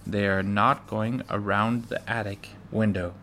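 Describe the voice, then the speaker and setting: A man reading aloud, voicing a stern pioneer father in plain, measured speech. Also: lowish voice, steady tone, a bit bright, a little hiss or hum. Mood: grim.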